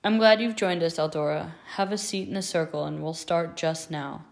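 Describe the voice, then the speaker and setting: A gentle adult man, as a woman reader puts him on, welcomes nervous children with a teasing solemnity. The voice sits low and friendly in a read-aloud story. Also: moderate pace. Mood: welcoming.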